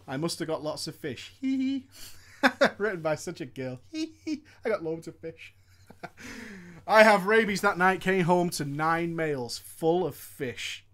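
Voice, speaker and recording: A man reads a listener's story aloud with comic asides, his pitch bouncing lively up and down. He swears freely and laughs at his own remarks. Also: unhurried. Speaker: host reading a viewer's story. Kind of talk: comedic story reading with commentary.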